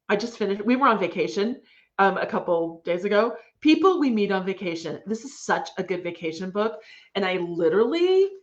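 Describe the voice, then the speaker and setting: A woman giving a casual online writing lesson to parents, chatty and enthusiastic with frequent fillers. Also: fairly high pitch. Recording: dull lo-fi sound.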